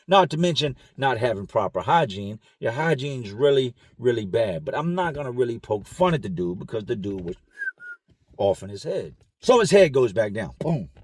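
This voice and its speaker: A man telling a personal story in a casual, animated vlog style, recorded in his car. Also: mid-range voice, moderate pace, slightly rough, no room sound. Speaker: vlogger.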